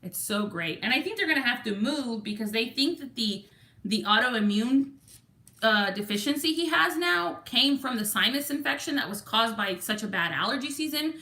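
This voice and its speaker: A woman's voice: fairly high pitch, expressive, normal speed, sharp tone, echoey room. A woman from Texas with a Texan accent, hosting a casual lottery scratch-off livestream and reading viewer comments aloud. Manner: chatty, reads viewer comments aloud and counts numbers.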